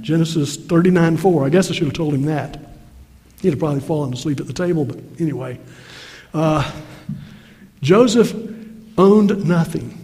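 A man's voice: a little high, dark tone. An older man preaching a sermon, telling homely stories with a folksy, self-deprecating humor. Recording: long reverb of a large hall.

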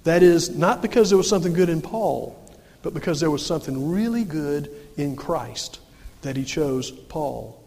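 A male pastor delivering a folksy sermon, often asking questions and answering them himself. His voice sits high for a man. It carries a long reverb from a church sanctuary. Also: expressive, moderate pace, vocal fry, a little mellow.

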